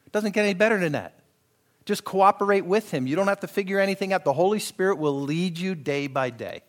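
Sitting high in pitch, the man's voice moves fairly quickly with lively intonation. As a pastor preaching in a conversational manner, he voices the people he quotes and checks in with his listeners for agreement.

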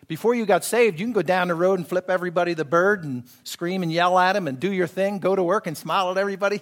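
Man pastor, sermon, conversational, acts out voices, slightly higher voice. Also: fast talker, hardly any pauses. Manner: conversational preaching, acts out quoted voices, asks the congregation for agreement.

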